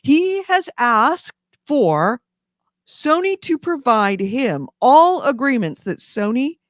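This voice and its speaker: A woman's voice: high voice, sing-song, no echo, clean studio sound. Chatty woman podcast co-host. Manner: playful, chatty, quick asides. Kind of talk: casual news chat.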